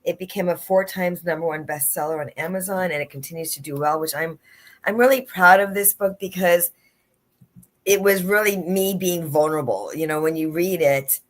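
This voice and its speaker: In a livestream interview over video call, a woman guest who coaches life and leadership speaks earnestly at a moderate pace, her voice on the low side. Her motivational talk leans on repeating key phrases for emphasis.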